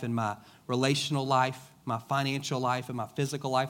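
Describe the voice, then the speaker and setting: A middle-aged man preaching a conversational sermon as a pastor, casual and joking, telling stories in plain everyday speech. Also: mid-range voice. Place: church sanctuary.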